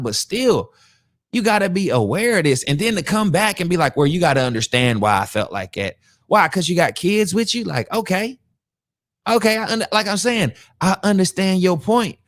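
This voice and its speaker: A man's voice: sits high, normal speed, no room sound, studio quality. A man hosting a podcast, giving incredulous reaction commentary on a video and acting out the people in it. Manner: animated, incredulous, acts out quotes.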